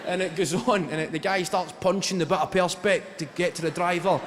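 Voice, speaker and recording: A man in his twenties with a Glaswegian Scottish accent, doing a stand-up routine and telling stories in an animated, profane way. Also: sits high, fairly quick, very noisy. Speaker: stand-up comedian. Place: live venue on stage. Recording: long hall reverb, loud ambience.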